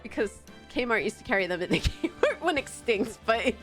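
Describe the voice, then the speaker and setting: A woman's voice: fairly high pitch, very animated, moderate pace, fairly bright tone, faint music behind. A woman hosting a live stream, chatting casually with friends, ranting with lots of swearing and laughter. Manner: ranting, profane, laughing often. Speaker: streamer, host of the live dub. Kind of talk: casual chat.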